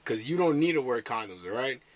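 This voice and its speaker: A man's voice: medium pitch, very animated, a little fast, dry recording. A young man chatting casually as a vlogger reacting to a video, rambling and laughing at his own jokes.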